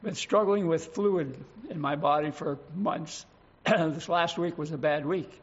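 An older man preaching a sermon, slow and emphatic, lingering on single words. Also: a little high, husky, highs cut off.

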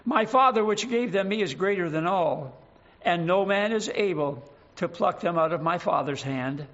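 A man preaching a sermon, earnest and emphatic, slowing down to stress scripture verses. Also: high-pitched, lively intonation, a bit bright, lo-fi sound.

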